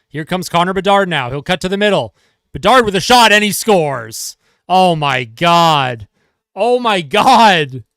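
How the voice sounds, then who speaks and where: Fan commentator, male, high voice, dry close mic; calls plays fast, exasperated and sarcastic. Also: a bit bright, no room sound. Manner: fast play-by-play, exasperated and sarcastic at his team. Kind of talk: live fan play-by-play commentary.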